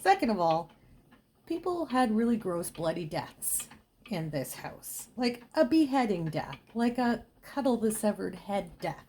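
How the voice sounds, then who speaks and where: Woman telling a creepy true story, chatty, goes all hushed on the gross parts. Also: medium pitch, big pitch swings, measured pace. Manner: chatty with dramatic hushed dips. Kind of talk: casual spooky storytelling.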